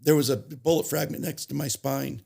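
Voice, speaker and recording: A man with a deeply gravelly, rough-edged voice tells his recovery story as a podcast guest. He halts, restarts and corrects himself while working through hard memories. His delivery sounds husky and worn. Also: fairly even intonation, a little mellow. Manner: halting, restarts and self-corrections, emotional retelling. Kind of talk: personal storytelling.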